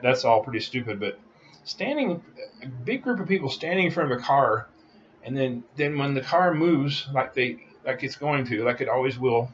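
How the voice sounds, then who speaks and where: A man's voice: medium pitch, a bit bright, muffled recording, slight background noise. A man delivering a heated, repetitive opinion rant as a vlogger.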